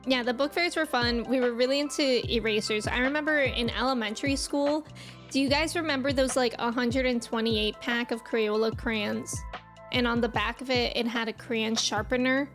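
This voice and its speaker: High-voiced chatty woman streamer. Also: steady tone, moderate pace, fairly bright tone, faint music behind. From New England. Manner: chatty, reminiscing, reads chat aloud. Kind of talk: casual chat with live chat.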